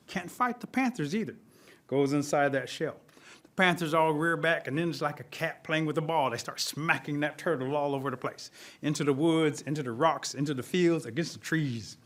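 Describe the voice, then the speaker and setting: Male storyteller, expressive, bright voice, fairly high, animated oral tale. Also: normal speed. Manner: lively, expressive. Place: studio.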